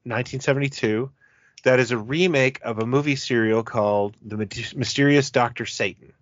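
A man's voice: medium pitch, moderate pace, no echo. A man hosting a casual chat about cult films, telling enthusiastic, rambling stories. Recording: dull, dry lo-fi recording.

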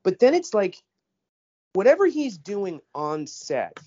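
A man's voice: sits high, wildly swooping pitch, slow, mellow, breathy edge, dull audio. A man co-hosting a casual film chat, ranting with many stammered restarts. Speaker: podcast co-host.

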